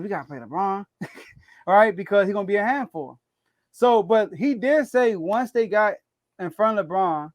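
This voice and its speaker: A man co-hosting a casual sports podcast, animated and laughing often as he makes his case. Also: dry recording. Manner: animated, laughs often, rising pitch when excited. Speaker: podcast co-host.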